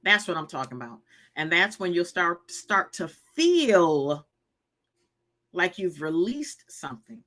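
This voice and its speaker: Woman, fifties, live-stream host, emphatic, preachy, bright forceful tone. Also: on the low side, big pitch swings, slow. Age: 50s. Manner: emphatic, preachy, repetitive, reads chat comments aloud. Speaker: live show host giving healing advice. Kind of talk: live-stream talk to viewers.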